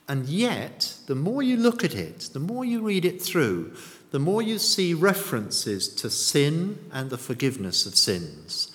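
A man's voice: a little high, huge pitch swings, measured pace, fairly bright tone. A man preaching a sermon in a church, often putting rhetorical and tag questions to the congregation. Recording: long church reverb.

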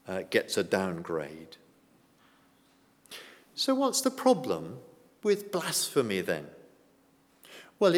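A man gives a sermon in a conversational way, often turning to the congregation with questions. His pitch moves in a lively, animated way. The sound carries the long reverb of a church hall. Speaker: preacher.

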